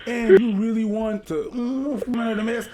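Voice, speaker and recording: A man's voice: extremely high pitch, fairly even intonation, normal speed, heavy background noise. A man co-hosting a podcast, arguing in a dismissive, profane way. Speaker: podcast co-host. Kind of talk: heated podcast debate.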